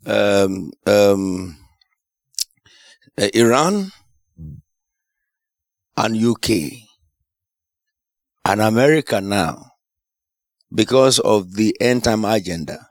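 Male preacher, animated storyteller, gravelly voice, dry close sound. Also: mid-range voice, no room sound. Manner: animated storytelling, shouts and laughs at climaxes. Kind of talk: sermon testimony.

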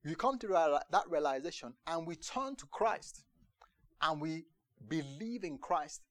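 A man preaching a sermon in a lively, joking storytelling manner. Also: fairly high pitch, measured pace, no room sound.

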